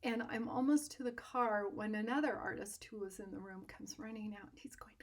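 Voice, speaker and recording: A woman telling a personal story in an animated, self-deprecating way, laughing often. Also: a little high, normal speed, hardly any pauses. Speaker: art instructor.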